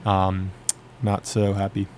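A man's voice: low-pitched, monotone, takes it slowly, darkish tone, slight background noise. A young man co-hosting a college radio show, chatting casually and rambling with lots of filler words. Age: young adult. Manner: rambling, many filler likes, trailing off. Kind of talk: casual chat.

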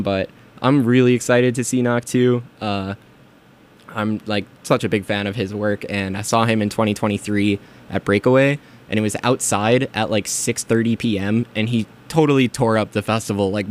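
A young man hosting a college-style radio show, chatting casually and rambling about music with lots of fillers and quick laughs. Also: on the low side, a little mellow.

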